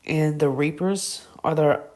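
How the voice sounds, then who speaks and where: A woman with a Southern US accent, low-pitched and slow, reads out her review notes of a TV series. She is halting and stumbles over cast names, with unhurried pacing throughout. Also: a little mellow. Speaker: show reviewer. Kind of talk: reading review notes aloud.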